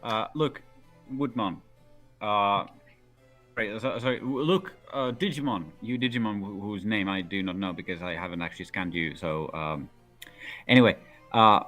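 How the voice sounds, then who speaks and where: Male player, lowish voice, halting in-character delivery, soft music behind. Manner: hesitant, stumbling. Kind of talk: casual tabletop play, speaking in character.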